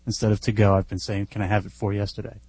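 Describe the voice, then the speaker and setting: A man chatting as a guest on a podcast, telling animated, self-deprecating anecdotes. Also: on the low side, rapid-fire, slightly rough, dry recording. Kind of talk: casual podcast chat.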